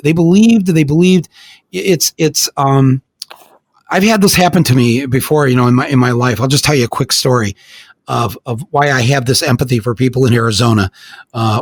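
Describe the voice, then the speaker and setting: An older man hosting a podcast, telling stories in an animated way with many restarts. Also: medium pitch, no echo. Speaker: podcast host. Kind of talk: casual podcast conversation.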